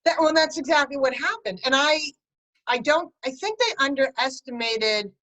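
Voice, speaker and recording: A middle-aged woman tells her story with animated, chatty energy. Her voice sits fairly high, and she breaks into laughter at times as she talks with an interviewer. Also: moderate pace, rough recording. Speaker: guest, parent and writer. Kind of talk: conversational interview.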